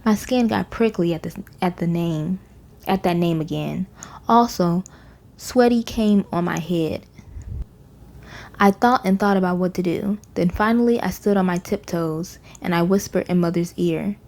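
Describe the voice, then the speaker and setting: Gravelly woman reading a storybook aloud. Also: on the low side, unhurried. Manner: expressive, gives each character its own voice. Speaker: audiobook reader. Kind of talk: storybook reading with character voices.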